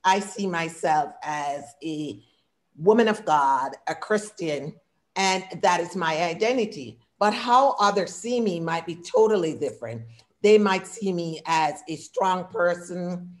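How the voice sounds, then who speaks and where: A woman in her sixties with an accent, talking through a workshop presentation on a video call in short, listed phrases. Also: lowish voice. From immigrant. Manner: warm, talkative, speaks in short lists; audible non-native English accent. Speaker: diversity consultant and workshop speaker.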